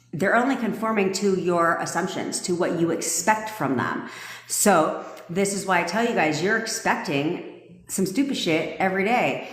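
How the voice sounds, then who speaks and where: A woman manifestation coach on a live stream, talking in a sassy, profane, emphatic way. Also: lowish voice. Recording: echoey room with long reverb.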